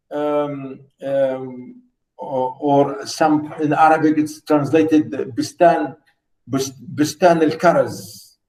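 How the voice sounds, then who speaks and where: A man's voice: fairly high pitch, low-quality recording. A man giving a recorded literature lecture, hesitant with many fillers and repeated phrases, stopping to explain words and how to pronounce them.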